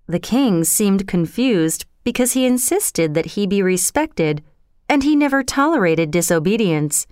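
Slow, expressive woman storyteller. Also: mid-range voice, clean tone, dry recording, clean studio sound. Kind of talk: storybook read-aloud.

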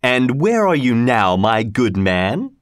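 A man voicing a giant, proud male stranger who talks bluntly and boastfully, slightly higher than his narrating voice. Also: very animated, slow pace, no room sound, studio quality.

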